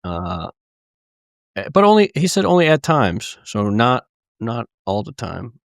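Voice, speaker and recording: A man hosting a podcast, relaxed and joking as he reads out listener questions. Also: medium pitch, unhurried, vocal fry, no room sound, clean studio sound. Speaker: podcast host. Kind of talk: casual podcast chat.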